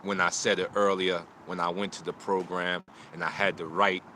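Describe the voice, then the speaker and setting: Streaming live from outdoors on his phone, a martial arts teacher delivers an emotional talk on loss and motivation in brief, sermon-like lines. His low voice keeps a level tone at normal speed, sounding pushed and bright, with a little hiss or hum in the recording.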